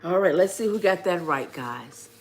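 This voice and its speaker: Animated woman coaching viewers on a live stream. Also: on the low side, normal speed, slight background noise. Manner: animated, preacherly, reads viewer comments, laughs often. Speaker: podcast host and life coach. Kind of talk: live-stream relationship advice chat.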